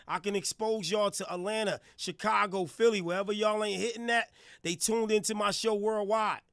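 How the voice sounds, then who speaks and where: A middle-aged man from New Jersey hosting a live hip hop radio stream, firing off hype shout-outs in street slang. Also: high-pitched, fairly even intonation, moderate pace, no room sound, studio quality. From New Jersey, USA. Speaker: radio host reviewing music. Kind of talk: hype livestream radio talk.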